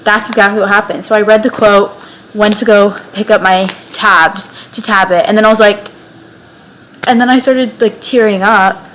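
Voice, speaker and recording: A young woman chatting casually in a reading vlog at home, excitable and full of "like", speaking into a camera mic. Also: medium pitch, moderate pace, low-quality recording. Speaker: book vlogger.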